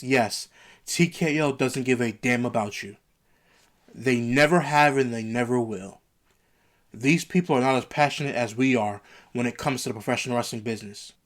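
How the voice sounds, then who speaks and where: A man ranting through a wrestling show review, heated and emphatic, repeating his points to the viewers. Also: medium pitch.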